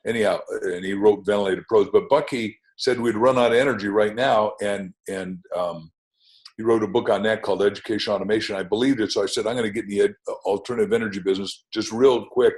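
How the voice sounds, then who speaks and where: A man's voice: on the low side, brisk, low-quality recording. Older man telling rambling anecdotes. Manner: anecdotal, name-dropping, rambling asides. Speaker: podcast guest, author. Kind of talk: podcast interview, enthusiastic storytelling.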